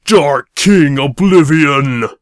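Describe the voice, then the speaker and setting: A man voicing a pompous, dim-witted male dark lord who speaks in grandiose, melodramatic tones. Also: mid-range voice, moderate pace, dry recording, clean studio sound, close to an everyday voice. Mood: bombastic.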